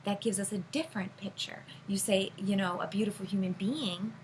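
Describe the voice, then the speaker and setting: A woman's voice: medium pitch, normal speed, a little hiss or hum, low-quality recording. A woman tarot reader teaching beginners in a loose, rambling way, with many fillers and restarts. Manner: rambling, filler-heavy, self-correcting. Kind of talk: casual teaching monologue.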